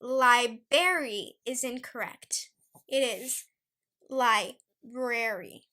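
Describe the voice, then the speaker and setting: A young woman hosting a casual solo podcast, chatty and animated as she rants about pet peeves. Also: sits high, slow. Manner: chatty, animated, talks to her dog in a soft baby voice. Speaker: podcast host.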